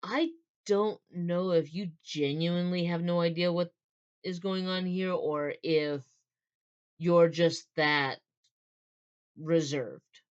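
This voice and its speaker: Brief: outgoing, emotional young woman, blunt and quick to scold, voiced by a woman. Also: fairly low pitch, fairly even intonation, smooth, lo-fi sound. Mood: exasperated. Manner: indignant, blunt.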